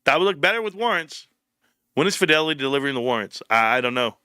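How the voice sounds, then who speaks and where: A man's voice: medium pitch, very animated, quick pace, sharp tone, smooth, no room sound, studio quality. A young man hosting a casual livestream, joking and riffing as he reads chat messages aloud. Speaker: livestream host.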